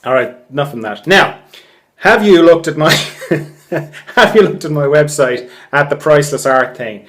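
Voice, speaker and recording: Rambling Irish podcast host, joking. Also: male voice, fairly high pitch, measured pace, fairly bright tone. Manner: rambling, joking, swears freely, laughs at himself. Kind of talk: casual solo podcast monologue.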